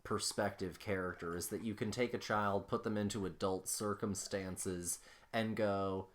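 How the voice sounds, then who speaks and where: A man's voice: on the low side, steady tone, a little slow, slight background noise. A man co-hosting a film podcast, explaining his thoughts on a movie in a thoughtful, casual way. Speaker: podcast co-host.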